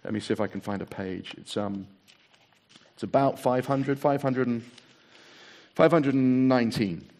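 A man's voice: medium pitch, moderate pace, pauses often, darkish tone. A man preaching a sermon, asking repeated rhetorical questions and reading passages aloud. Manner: reads long passages aloud.

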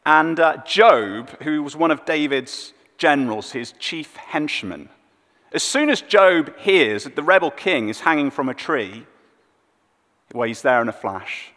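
A male preacher delivers a sermon with a lively, rising and falling pitch, telling the story expressively and going quiet at sad points. His voice carries a long reverb from a large church hall. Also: unhurried. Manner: expressive storytelling, dropping soft on sad moments.

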